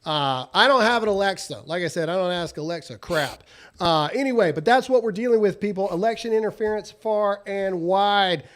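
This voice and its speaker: A man with a Southern US accent hosts a casual political talk show. He talks loud and sarcastic, and his voice sits fairly high. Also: moderate pace. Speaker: podcast host.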